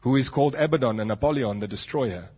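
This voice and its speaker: A man's voice: mid-range voice, fast, darkish tone, husky. A South African man preaching a sermon as pastor, emphatic, with dramatic drops in his voice, on a dull lo-fi recording.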